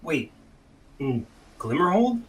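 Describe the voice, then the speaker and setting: A man's voice: fairly high pitch, very animated, slow pace, poor audio. A man playing a tabletop game, asking curious questions in character. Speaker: player. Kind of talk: in-character role-play.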